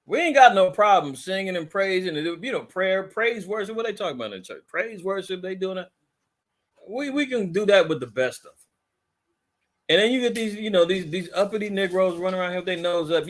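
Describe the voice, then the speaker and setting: A man's voice: high-pitched, lively intonation, fairly quick. A man leading a conversational Bible teaching, fiery and mocking in a preachy way.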